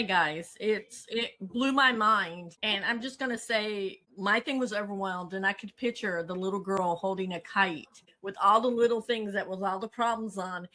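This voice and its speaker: A woman's voice: medium pitch, bright, forceful tone. A woman hosting an interview, responding with enthusiasm. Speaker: host. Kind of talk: casual interview talk.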